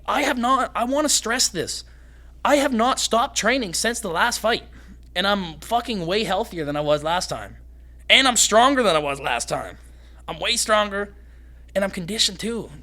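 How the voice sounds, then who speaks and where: A young man from Canada, a fighter guest on a podcast, talking fast and excitedly and swearing freely. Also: sits high. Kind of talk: casual podcast conversation.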